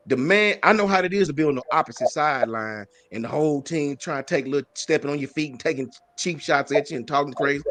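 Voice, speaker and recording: A man hosting a casual sports talk stream, greeting viewers in slang and talking in animated bursts. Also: a little high, fast talker, few pauses, no room sound. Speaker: sports talk show host.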